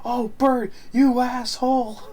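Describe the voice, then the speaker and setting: Whiny panicky young guy squealing way up high, a fan doing an impression, goes loud when he cusses. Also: flat delivery, slow pace, exaggerated voice. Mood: exasperated. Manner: squealing, exasperated cursing.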